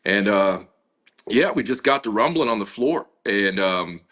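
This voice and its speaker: Interview guest, male, deep but bright voice, loose storyteller with lots of "you know". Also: lively intonation, measured pace. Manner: casual, many fillers, acts out quoted dialogue. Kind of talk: conversational storytelling.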